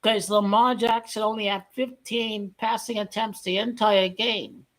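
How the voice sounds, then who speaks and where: A man's voice: high-pitched, fairly even intonation, a little slow, a bit bright, rough recording. A man giving a casual football rant as a vlogger, blunt and profane, rambling with stumbling restarts.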